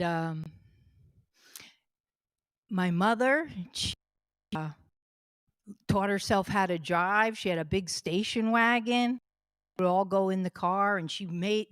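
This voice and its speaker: A middle-aged woman spins funny family anecdotes in a chatty, easygoing way, often laughing as she tells them. Her voice sits at an ordinary pitch for a woman, and the recording is dry and close. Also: a bit bright, no room sound. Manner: chatty, laughs through her own stories. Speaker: storyteller at a fundraising stream. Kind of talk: casual comic anecdotes.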